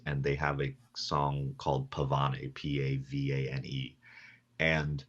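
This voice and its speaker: Very deep husky man chatting. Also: completely flat delivery, measured pace, a bit bright, lo-fi sound. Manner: rambling, with many fillers and laughs. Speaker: podcast guest. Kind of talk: casual chat. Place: home, talking from the kitchen. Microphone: table mic on a video call.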